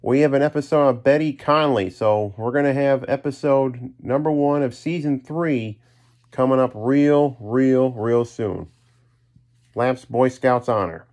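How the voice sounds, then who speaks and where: A man's voice: mid-range voice, moderate pace, a little mellow. Rambling, self-mocking male podcast host. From New York's Capital Region. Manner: rambling, self-deprecating, offhand asides. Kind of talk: solo podcast outro with shout-outs.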